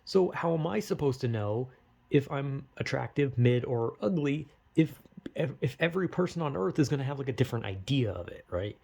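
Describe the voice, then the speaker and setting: A man's voice: mid-range voice, expressive, brisk, creaky, a little mellow. A man talking straight to the camera in a rambling vlog, full of fillers, swearing and self-deprecating rhetorical questions. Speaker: vlogger. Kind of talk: rambling casual monologue.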